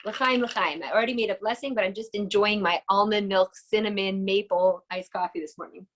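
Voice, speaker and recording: A woman's voice: medium pitch, brisk, low-quality recording. A woman teaching a casual online lesson, enthusiastic and chatty, often asking her audience questions over a video call.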